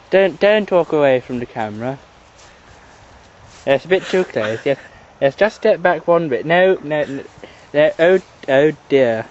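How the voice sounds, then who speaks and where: A man playing a deadpan presenter in an improvised comedy sketch. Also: on the high side, unhurried. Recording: lo-fi outdoor camcorder.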